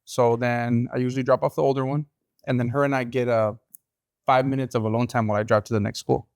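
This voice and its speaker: A man's voice: medium pitch, flat delivery, quick pace, a little mellow, clear, resonant tone, no echo, studio quality. A man, hosting a podcast and telling stories in casual chat, slipping between English and Spanish. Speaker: podcast host.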